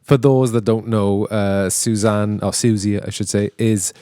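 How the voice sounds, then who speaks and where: Hosting a podcast, a man who also plays in a band talks casually into a handheld microphone, full of jokes, laughter and restarts. His voice is lowish, smooth and mellow, with fairly even intonation and an unhurried pace. There is no room sound.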